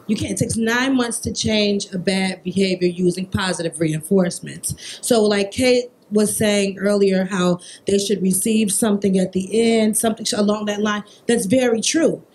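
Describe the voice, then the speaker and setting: A woman in her thirties, a behavior therapist on a festival panel, telling a personal story in an animated, emphatic way. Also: mid-range voice, a little hiss or hum, rough recording.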